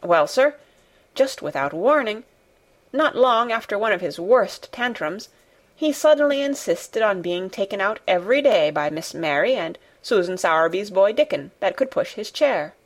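A woman's voice: medium pitch, lively intonation, moderate pace, lightly acted. A woman reading the part of a flustered, fussy middle-aged housekeeper who explains breathlessly to her master. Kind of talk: audiobook character reading.

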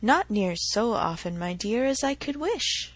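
A woman reading a fretful old gentleman. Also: fairly high pitch, sing-song, measured pace, rough recording. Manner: sighing, plaintive. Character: fretful, melancholy elderly gentleman.

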